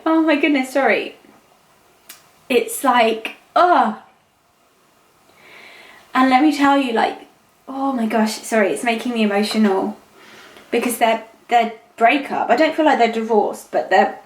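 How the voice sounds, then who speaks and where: A woman giving a casual psychic tarot reading, rambling and emotional, repeating herself as she talks. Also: fairly high pitch. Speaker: tarot reader. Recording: echoey room.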